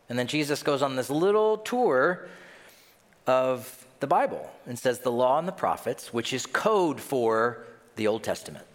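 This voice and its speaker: A man's voice: medium pitch, a bit bright, big-room sound. A man preaching a sermon as pastor, who acts out voices and reactions of the people in his story. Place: church.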